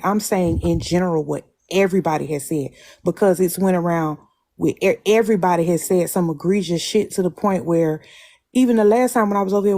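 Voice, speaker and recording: Woman, lowish mellow voice, emphatic, moralizing, drawn-out phrases, panel argument. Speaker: live stream panelist. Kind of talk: heated casual argument.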